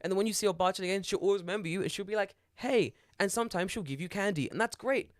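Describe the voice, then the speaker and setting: A young man, a podcast co-host, telling an animated story in casual chat and swearing freely. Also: high voice, very fast, no echo, studio quality. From Britain.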